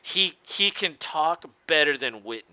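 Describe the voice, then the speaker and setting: A man's voice: fairly high pitch, normal speed, smooth, no room sound, muffled recording. A man co-hosting a sports podcast, ranting casually with lots of swearing and mocking impressions. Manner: animated, profane ranting with mocking voices. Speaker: podcast co-host.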